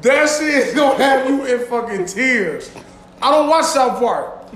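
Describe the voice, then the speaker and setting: A man with a very high voice hosts a casual podcast, rambling through stories with bursts of laughter and plenty of swearing. The room is echoey, with a faint hum of ambience behind him. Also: animated, measured pace. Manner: loud, laughing, profane storytelling. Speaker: podcast host.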